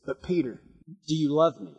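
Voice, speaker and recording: A preacher doing a quiet, searching teacher. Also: male voice, a little high, lively intonation, normal speed, breathy edge, dull audio, voice pushed down. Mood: gentle. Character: calm, searching teacher, adult man. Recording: long reverb.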